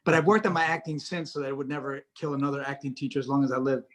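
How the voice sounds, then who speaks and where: A man's voice: mid-range voice, fairly even intonation, racing, a bit bright. A middle-aged man speaking on a video call as an interview guest, talking casually with lots of stammered restarts and self-deprecating jokes. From United States. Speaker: actor and director, interview guest.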